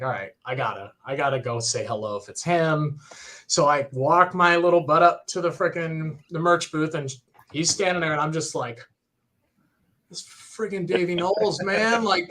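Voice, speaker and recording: A young man, pitched a bit high, tells a fan story on a music podcast in a loose, chatty way. He gets animated and acts out quotes, with lots of "like" and "right?" along the way. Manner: excited, animated retelling with many fillers. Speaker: podcast co-host. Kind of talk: casual storytelling on a livestream.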